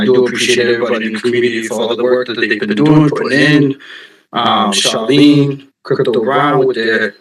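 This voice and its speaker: A man talking casually into his phone on a live audio space, out of breath, halting, with many ums and restarts. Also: mid-range voice, fairly bright tone, reverberant, rough recording. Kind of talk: casual call-in talk.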